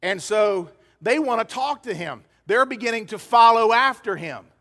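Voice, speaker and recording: Male pastor preaching, high bright voice, long hall echo. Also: animated, moderate pace. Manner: emphatic preacher, acts out quoted dialogue. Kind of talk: sermon. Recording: hall reverb.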